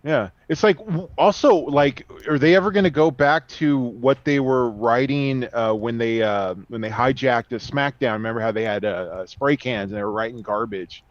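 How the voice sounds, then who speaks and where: A man's voice: medium pitch, moderate pace, hardly any pauses, dry recording. A laid-back man co-hosts a podcast in easy chat, agreeing often and drawing out his thoughts. His voice sounds dull and lo-fi, with a very dry, close sound. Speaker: podcast co-host. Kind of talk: casual chat.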